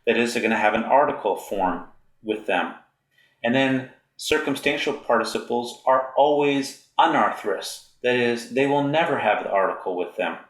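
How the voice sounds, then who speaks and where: Guy giving a grammar lecture, reads out endings slow and careful, roomy echo. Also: mid-range voice, animated. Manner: slow, deliberate recitation of endings. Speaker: Greek grammar teacher.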